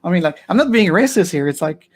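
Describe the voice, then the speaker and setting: A high-voiced man whose first language is French hosts a podcast, talking quickly in a casual group chat over a video call. He's animated, chuckles, and slips into French phrases.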